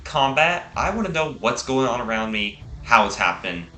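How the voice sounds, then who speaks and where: A man giving a relaxed walkthrough of a game's menus, explaining each option one at a time and tripping over a word now and then. His voice is bright with a lively, swinging pitch. The room around him rings with noticeable echo. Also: normal speed. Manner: chatty, explains step by step, occasional stumbles. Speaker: game developer co-host. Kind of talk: casual walkthrough of a game menu. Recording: roomy echoey room.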